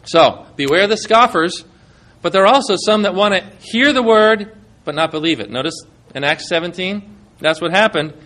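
A man's voice: high voice, animated, normal speed, bright, forceful tone. A male pastor preaching a sermon, reading scripture aloud and putting questions to his congregation, with dramatic rises and drops in his delivery.

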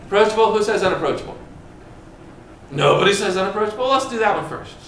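A man's voice: high-pitched, lively intonation, fast, fairly bright tone, a little hiss or hum. A man preaching a sermon, asking the congregation questions and building with dramatic emphasis. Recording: echoey room with faint ambience.

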